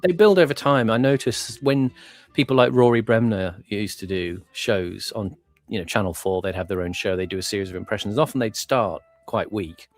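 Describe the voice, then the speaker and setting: A man co-hosting a casual podcast chat, explaining things in a steady way. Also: fairly low pitch, moderate pace, no room sound. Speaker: podcast co-host.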